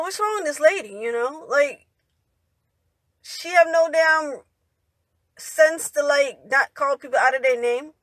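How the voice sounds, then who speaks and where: High-voiced woman rambling through a story. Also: a bit bright, dry recording. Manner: rambling, keeps tagging lines with "right?" and "you know"; indignant retelling. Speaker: vlogger. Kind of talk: storytime monologue.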